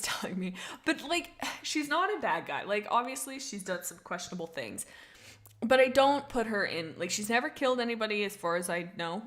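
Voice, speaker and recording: Chatty young woman streaming live. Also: mid-range voice. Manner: chatty, reads chat messages aloud, thinks out loud. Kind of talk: casual livestream chat.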